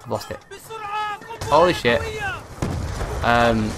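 A young man giving live commentary over a shooter game, talking quietly at home at night and swearing at other players. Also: mid-range voice, slow pace. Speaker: gaming commentator. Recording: noisy game audio behind. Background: gunfire from the game.

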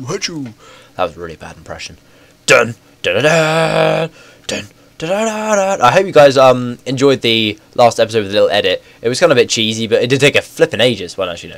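A young man with a cold, sounding hoarse and congested, rambling through casual game commentary on a headset mic with self-mocking, excitable asides. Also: lowish voice. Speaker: gaming video host.

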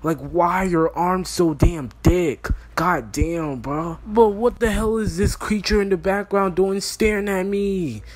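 A man's voice: high-pitched, unhurried, hardly any pauses. A young man doing a brash, exasperated comedy roast over a phone mic, swearing constantly and calling everyone "bro". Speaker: roast video creator. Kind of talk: profane comedic roast commentary.

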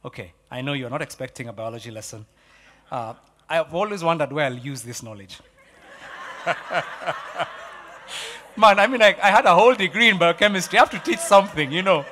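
A man preaching a sermon as pastor, animated, repeating key phrases and swinging from loud exclamations to hushed lines. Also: a little high, a little fast, long pauses, in a large hall, slight background noise. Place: church hall.

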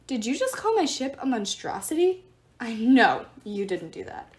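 A woman's voice: sits high, sing-song, moderate pace, a little mellow, voice pushed up. A woman voicing a cheeky, joking teenage boy mechanic in a read-aloud story.

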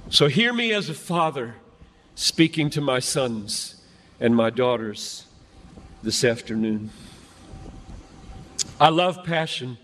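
A man's voice: medium pitch, expressive, slow pace, long pauses, fairly bright tone, slight background noise. A man in his fifties preaching to a large youth gathering, earnest and emphatic, building his points through repetition. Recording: long hall reverb.

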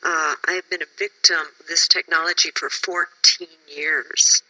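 Tired woman from wisconsin pleading at a hearing, husky, really bright tone. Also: lowish voice, level tone, normal speed, rough recording. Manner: emotional, pleading, insistent. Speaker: member of the public giving testimony. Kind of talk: public testimony at a hearing.

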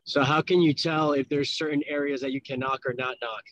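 A man asking a question in a plain, even way during an online training, heard over a video call. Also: fairly high pitch, a little fast. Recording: muffled lo-fi call audio.

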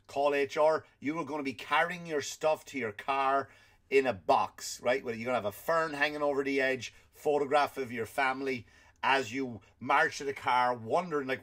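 A man's voice: medium pitch, steady tone, moderate pace, fairly bright tone. An Irish man, a stand-up comedian hosting his podcast, ranting sarcastically with profanity and restarts. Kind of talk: comedic rant monologue.

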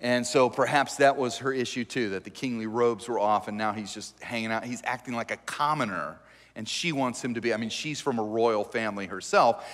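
A man preaching as a pastor, telling the story in a joking, animated, conversational way. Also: medium pitch, brisk, big-room sound. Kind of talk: conversational sermon. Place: church sanctuary.

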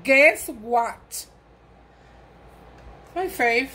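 A woman's voice: on the high side, takes it slowly, long pauses, a bit bright, a little hiss or hum, poor audio. Gushing woman. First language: Spanish. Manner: gushing, exclamatory, enthusiastic. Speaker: crafting vlogger. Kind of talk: gift unboxing chat.

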